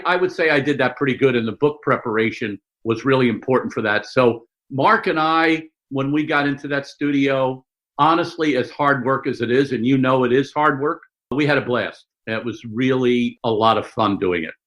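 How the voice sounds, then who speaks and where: An older man telling stories as an interview guest, lively and full of quick asides. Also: mid-range voice, low-quality recording. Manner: animated storyteller, quick asides and mock voices. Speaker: sportswriter guest. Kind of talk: conversational interview storytelling.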